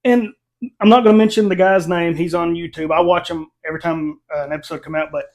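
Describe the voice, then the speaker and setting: A middle-aged man hosts a relaxed review chat with a friend. His voice sits a little high, and he is animated and quick to laugh as he recounts scenes. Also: creaky. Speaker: reviewer, channel host. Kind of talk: casual chat.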